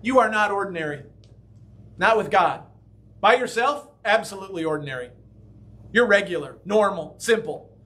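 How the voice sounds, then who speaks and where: A man's voice: high voice, animated, normal speed, pauses often, bright, forceful tone. A man preaching a conversational sermon as pastor in a church, often asking the congregation questions.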